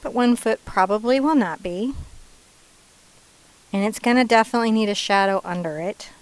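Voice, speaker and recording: A woman's voice: on the high side, normal speed, rough recording. Chatty woman teaching a painting lesson. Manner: chatty and playful, drops into soft asides. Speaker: painting instructor. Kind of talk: casual step-by-step painting lesson.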